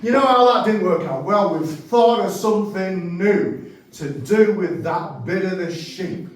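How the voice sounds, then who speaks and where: A man doing a stand-up comedy set, telling rambling, animated stories and correcting himself as he goes. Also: on the high side, normal speed. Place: comedy club stage. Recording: very echoey room, mic at a distance.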